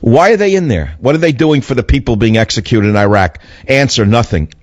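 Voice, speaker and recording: An older man holds forth on his radio show, his pitch swinging widely as he tells stories and rants. The studio sound is dry and close, with no room around him, and his voice sits at an ordinary middle pitch for a man. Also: a little fast, no echo. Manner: animated storytelling, voices swinging up and down. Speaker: radio talk show host. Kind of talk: opinionated talk radio monologue. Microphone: studio microphone.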